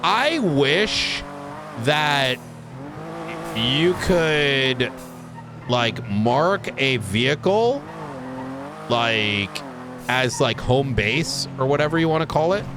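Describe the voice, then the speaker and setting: A man's voice: mid-range voice, expressive, drawn-out words, long pauses, music in the background. A man in casual roleplay chat on a game stream, rambling with lots of fillers. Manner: rambling, loose talk full of fillers. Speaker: roleplay player as police officer. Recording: game car noise under voice.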